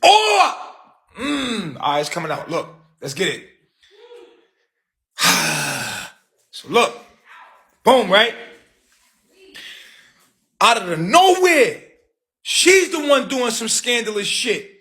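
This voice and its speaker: A man's voice: high-pitched, big pitch swings, takes it slowly, long pauses, sharp tone. A man hosting a livestream, telling a story in a heated, profane rant full of street slang. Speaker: livestream host.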